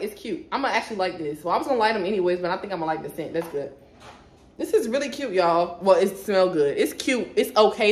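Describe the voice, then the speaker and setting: A young woman, chatting casually to viewers about her shopping haul at home. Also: lowish voice. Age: 20s. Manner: chatty, talks straight to viewers, sidetracked. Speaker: vlogger. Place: at home, indoors. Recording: echoey room with faint noise.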